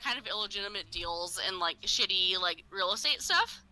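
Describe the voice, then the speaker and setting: A woman's voice: medium pitch, animated, normal speed, pushed and bright, a little hiss or hum, rough recording. A woman co-hosting a casual podcast, telling a story full of fillers and swearing and acting out what people said. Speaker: podcast co-host. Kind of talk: casual true-crime podcast chat.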